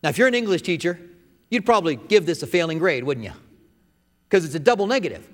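Male pastor, slightly high voice, preaching with loud and hushed swings, long hall reverb. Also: sing-song, racing. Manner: swings from loud emphatic passages to soft hushed ones. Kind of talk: sermon.

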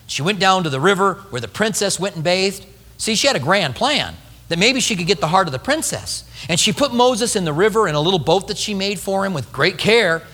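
Male pastor, sermon, animated storytelling, crisp bright tone, church hall reverb. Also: high voice, a little fast. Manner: animated storytelling with acted-out quotes.

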